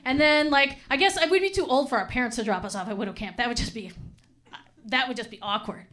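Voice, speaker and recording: A woman's voice: a little high, fast talker, fairly bright tone, a little hiss or hum. A woman doing a stand-up comedy set, chatty and laughing, with lots of "like" and "right?".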